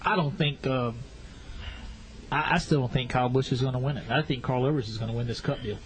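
A man's voice: mid-range voice, fairly quick, poor audio. A man co-hosting a radio talk show about racing, giving his opinions in a plain-spoken way. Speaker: radio co-host. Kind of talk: casual motorsport talk radio.

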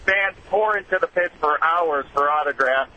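A man calling in to a radio show from a racing series, giving a brisk, upbeat rundown of dates and events. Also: a little high, pushed and bright, dull audio, a little hiss or hum. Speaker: caller, racing series official. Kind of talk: call-in update.

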